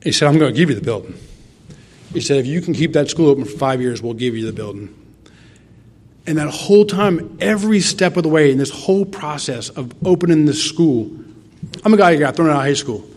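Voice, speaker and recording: A man's voice: a little high, animated, brisk, a little mellow. A middle-aged man from Tennessee giving an earnest, rambling personal testimony at a recovery meeting, acting out quoted dialogue as he goes.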